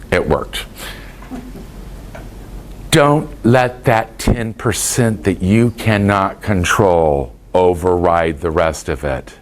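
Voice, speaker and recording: Folksy caregiver-seminar speaker, a man with a lowish voice that swings widely in pitch. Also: animated, slow pace. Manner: folksy anecdotal storytelling. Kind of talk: motivational talk to an audience.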